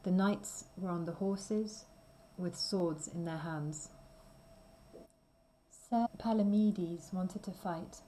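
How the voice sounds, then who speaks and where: A woman reading a simple storybook aloud slowly and clearly for language learners. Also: on the low side, dark tone, slight background noise, poor audio. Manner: careful, deliberate reading. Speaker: reader.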